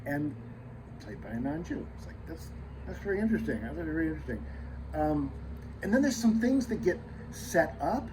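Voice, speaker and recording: Brisk and high-pitched, with big swings in pitch, this man hosts his own channel amid background noise. His loose monologue wanders, full of fillers and restarts, and he shifts from loud talk into quiet, muttered asides.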